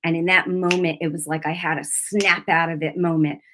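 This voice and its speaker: A woman's voice: lowish voice, a little fast, a little hiss or hum. A middle-aged woman telling a personal faith testimony in a preachy way, with many fillers and restarts, rising into intense acted-out prayers. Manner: emotional, animated retelling with many fillers and restarts; acts out her own prayers and rebukes in a raised, intense voice. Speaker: Christian speaker giving a testimony.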